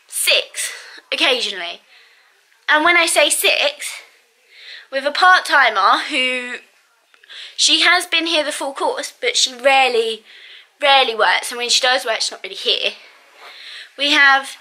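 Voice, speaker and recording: A woman's voice: high voice, bright, forceful tone. A woman telling a story casually to camera, venting in an exasperated way, with many fillers and bursts of laughter. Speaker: vlogger.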